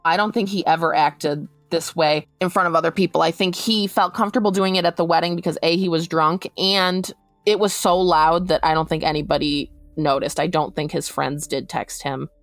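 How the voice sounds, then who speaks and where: A woman recounting a distressing personal story for a podcast, talking quickly and acting out what people said. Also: sits low, fairly even intonation, no echo, faint music behind. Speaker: interviewee recounting her story.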